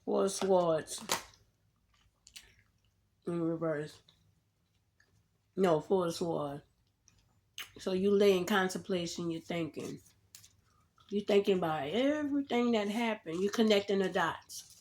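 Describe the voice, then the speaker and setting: A woman giving a casual tarot reading straight to the viewer, animated and slangy, laughing often as she talks. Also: lowish voice, slow pace, pauses often. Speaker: tarot reader.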